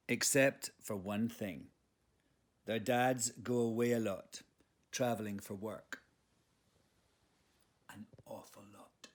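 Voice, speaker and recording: A man reads a children's picture book aloud at an unhurried pace, playful and full of expression. His voice rises and falls a great deal as he speaks to young listeners, now and then dropping to a whisper. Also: lowish voice.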